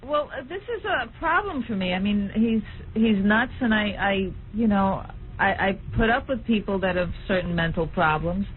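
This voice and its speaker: A woman director talks in a hesitant way, pausing with fillers as she looks for words. Her voice sits at a middle pitch and sounds narrow and phone-like. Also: expressive, a little hiss or hum. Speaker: film director guest. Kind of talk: radio interview. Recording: phone-like radio broadcast.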